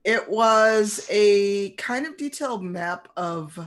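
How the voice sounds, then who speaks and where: A woman narrating a tabletop game as game master, in a relaxed, descriptive way. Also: mid-range voice, slow pace.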